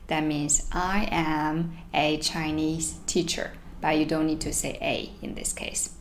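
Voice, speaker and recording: A woman teaching a beginners' Mandarin lesson, reading each sentence twice slowly and explaining it in English. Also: low voice, level tone, slight background noise. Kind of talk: language lesson.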